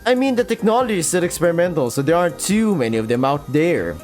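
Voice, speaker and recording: A man's voice: on the high side, very animated, fast, a little mellow. A Filipino man voicing an eager, earnest young woman who works as a lab handler, chatty and a little flustered, reading a visual novel aloud over faint game music. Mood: explaining.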